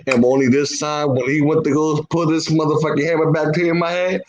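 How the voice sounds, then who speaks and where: A man's voice: fairly high pitch, little pitch movement, brisk, muffled recording. A man telling a long story in casual chat, full of swearing and stopping often on "whatever". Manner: profane, peppers speech with "whatever". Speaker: podcast co-host.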